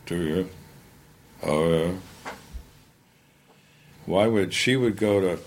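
A retired homicide lieutenant, now older, gives a candid interview full of blunt, wry, plainly told career stories. He speaks slowly in a low voice, with slight background noise.

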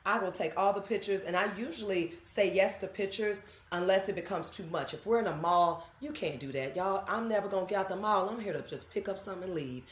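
A woman, a guest telling animated stories in an interview and acting out what people said. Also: on the low side. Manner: animated storytelling, acts out quotes. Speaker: guest, actress. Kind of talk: candid interview conversation. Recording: roomy echo.

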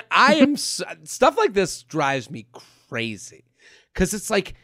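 A man with a notably high voice hosts a casual comedy podcast, reading listener emails and riffing with his guest in an animated, joking way. The sound is dry and close. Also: slow pace, no echo. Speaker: podcast host.

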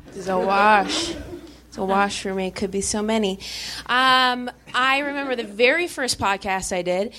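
A woman's voice: medium pitch, a bit bright. A woman performing stand-up in a casual, self-deprecating way. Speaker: stand-up comedian. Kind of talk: stand-up set.

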